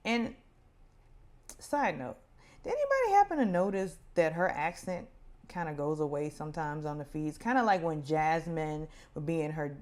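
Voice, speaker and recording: A woman with a low, full voice gives a casual, opinionated recap of reality TV. She talks in a loose, chatty way and sometimes mimics others in a higher voice. Her delivery feels easy and conversational. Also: sing-song, moderate pace, darkish tone. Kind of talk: casual commentary.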